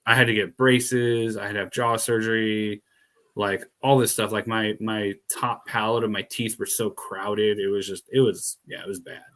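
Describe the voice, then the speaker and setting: A man's voice: on the low side, flat delivery, normal speed, a bit bright. A man with a lisp streaming and chatting casually, rambling, laughing and swearing. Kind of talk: casual chat.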